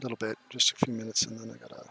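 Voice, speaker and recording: A man's voice: on the low side, completely flat delivery, very fast, vocal fry, pushed and bright, breathy edge. Sarcastic, profane male streamer. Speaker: streamer reacting to clips. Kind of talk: casual live-stream commentary.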